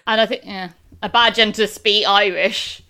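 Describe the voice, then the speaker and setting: Female co-host, chatty and wry, medium pitch. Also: fairly even intonation, moderate pace, sharp tone, smooth. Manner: chatty, wry, giggles mid-sentence. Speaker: podcast co-host. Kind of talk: casual chat reviewing a film.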